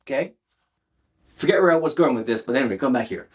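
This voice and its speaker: A man teaching public speaking straight to camera, emphatic and animated, often checking in with the viewer. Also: medium pitch, fast talker, husky. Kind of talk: direct-to-camera coaching talk.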